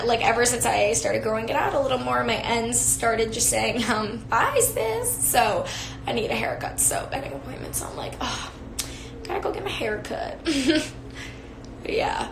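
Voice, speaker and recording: A young beauty influencer chats casually with viewers on a phone live stream, talkative and giggly and full of fillers. Her voice sits on the high side, bright and forceful, with a little hiss or hum. The room is echoey with faint ambience.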